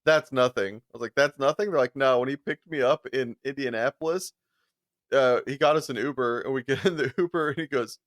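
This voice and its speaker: A slightly quick-talking man co-hosts a podcast, recorded dry with clean studio sound. He's animated as he tells stories, laughing often and impersonating quoted people in a higher voice.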